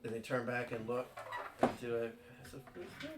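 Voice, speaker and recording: A man running a tabletop game as dungeon master, narrating haltingly with many fillers. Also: mid-range voice, animated. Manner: halting, full of fillers, bursts into loud character voices. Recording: roomy live stream, distant mic, background noise.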